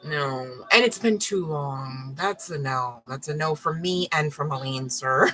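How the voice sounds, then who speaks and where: Woman tarot reader, live stream, low pitch, forceful bright tone, rambling and blunt with swearing. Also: a little slow, few pauses, a little hiss or hum, poor audio. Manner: rambling and frank, swears, apologizes often.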